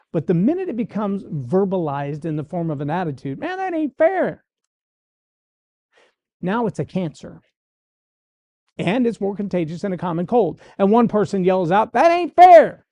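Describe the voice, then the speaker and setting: A man's voice: high voice, animated, normal speed, dark tone, no echo. A man hosting a show, giving a folksy motivational talk and acting out the voices he quotes. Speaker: motivational speaker and podcast host.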